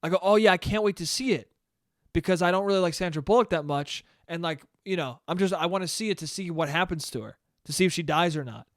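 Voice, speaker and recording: Young man, solo podcast host, high voice, ranting, swearing, animated storytelling, dry sound. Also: fast talker, dry recording. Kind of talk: solo casual monologue.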